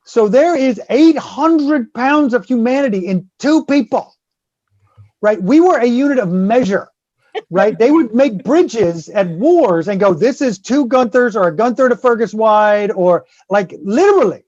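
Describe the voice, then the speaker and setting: A man's voice: very high voice, animated, unhurried, darkish tone, dry recording. A man guest-hosting a casual podcast talks in a dull, lo-fi mic sound with a dry, close feel. He swears freely and acts out the people in his stories. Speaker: guest host.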